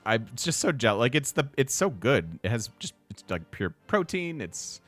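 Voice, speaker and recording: A man's voice: medium pitch, very animated, normal speed, fairly bright tone, soft background music. A man casually commenting on a strategy game while he plays, laughing often and chatting with his viewers. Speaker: let's play host.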